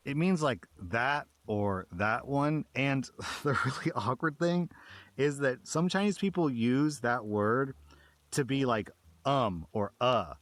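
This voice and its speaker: An American man giving casual, animated commentary on stories, jumping into mock outraged voices. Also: medium pitch, slow pace, no room sound. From United States. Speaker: host reading and reacting to online stories.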